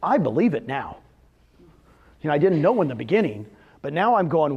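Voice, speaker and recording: A man's voice: a little high, slightly rough, dull audio. A man giving a live seminar talk to real estate agents, telling success stories and firing questions at the audience. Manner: animated, storytelling with quick questions to the audience. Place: meeting room with a live audience.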